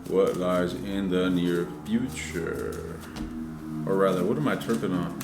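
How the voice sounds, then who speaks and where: A man's voice: low voice, lively intonation, slow pace, gravelly, reverberant, music in the background. A man giving a casual, loose tarot reading, swearing freely and talking straight to his viewers. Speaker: tarot reader.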